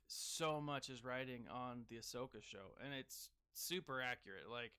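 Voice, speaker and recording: A man giving casual gaming commentary as a streamer, chatting with viewers and breaking into sudden excited whoops. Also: mid-range voice, smooth. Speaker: game streamer reading live chat.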